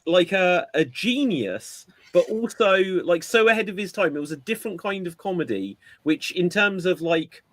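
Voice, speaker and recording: Guy cohosting a chat show, bright voice, animated storyteller, dry close sound. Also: high-pitched, moderate pace, hardly any pauses, dry recording. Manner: animated storyteller, acts out quotes. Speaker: podcast co-host. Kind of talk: casual chat.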